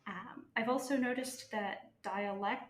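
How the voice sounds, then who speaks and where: A woman's voice: mid-range voice, a little slow, reverberant. A woman with a Boston accent, speaking in a casual interview in a thoughtful way and correcting herself as she goes. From Boston area, Massachusetts.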